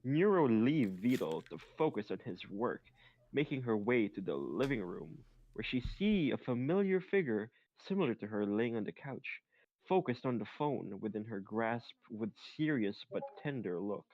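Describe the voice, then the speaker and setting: A man's voice: lowish voice, very animated, normal speed, no room sound, dull audio. A man reading fan fiction aloud, stumbling on awkward grammar and making joking asides. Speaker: reader.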